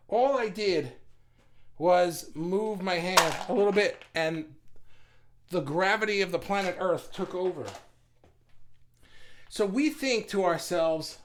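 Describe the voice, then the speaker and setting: A man's voice: sits high, slow, slight background noise. A man hosting a casual live stream who rambles, swears freely and reads viewer comments aloud. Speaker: livestream host.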